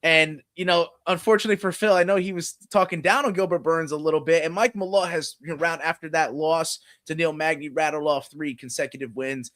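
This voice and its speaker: A man's voice: on the high side, fairly even intonation, a little fast, hardly any pauses, a bit bright. A man co-hosting a podcast, chatting casually about fight betting with lots of "you know" fillers. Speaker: podcast co-host. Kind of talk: casual sports betting chat.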